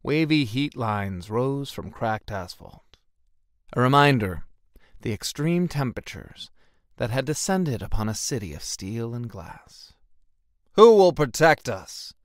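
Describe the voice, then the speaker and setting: A man narrating an audiobook with animated, dramatic storytelling. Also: mid-range voice, a little slow, no echo, clean studio sound.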